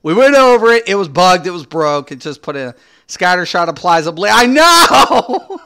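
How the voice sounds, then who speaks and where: A man giving profane, excitable commentary as he reacts to game patch notes, swearing constantly and breaking into laughter. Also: high voice, brisk, clear, resonant tone. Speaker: gaming streamer.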